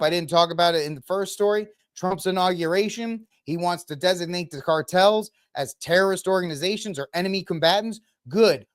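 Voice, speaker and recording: A man hosting his own political commentary show, ranting in a heated, indignant way and piling up accusations. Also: high-pitched. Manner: fiery, indignant ranting with repeated blame.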